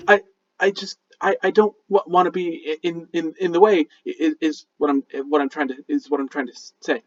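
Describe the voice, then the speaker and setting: A man's voice: extremely high pitch, very animated, normal speed, a little mellow, dry recording, lo-fi sound, voice pushed up. A man doing a stammering nervous young goblin. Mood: flustered. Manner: stammering, flustered.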